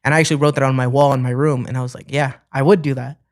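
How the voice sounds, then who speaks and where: A young musician from Ohio, appearing as an interview guest, tells stories casually and animatedly acts out what people said. His mid-range voice goes very fast.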